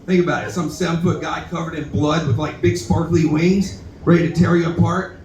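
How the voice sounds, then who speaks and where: Young guy doing standup in a bar, kinda high voice, rambly and cussing, echoey room, mic from far off. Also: level tone, a little fast, darkish tone, slight background noise. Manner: rambling, self-deprecating, profane, talks to the crowd. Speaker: stand-up comedian at open mic. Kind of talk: stand-up comedy set. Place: bar stage, roomy and echoey.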